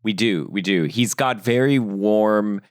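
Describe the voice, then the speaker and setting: A man co-hosting a film podcast, talking in a rambling, halting way with many restarts. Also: on the low side, no room sound, clean studio sound. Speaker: podcast co-host. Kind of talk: casual film discussion.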